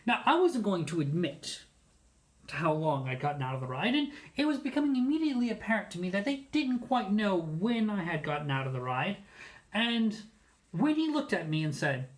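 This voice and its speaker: A host telling a story in a casual, animated way, mocking himself and acting out what people said. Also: medium pitch. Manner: animated, self-mocking, acts out quoted lines.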